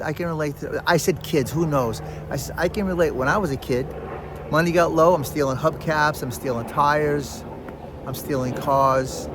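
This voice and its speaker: Animated man with a slightly high voice. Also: noisy background. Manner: animated storyteller, repeats phrases, talks straight to the listener. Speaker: podcast host. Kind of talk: casual self-help monologue.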